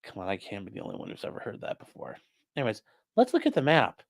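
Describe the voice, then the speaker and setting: A man's voice: fairly low pitch, huge pitch swings, fast, creaky. A man hosting a casual live stream, reading a document aloud and rambling to his chat with crude jokes and swearing. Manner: rambling, profane, jokey asides to chat. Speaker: livestream host.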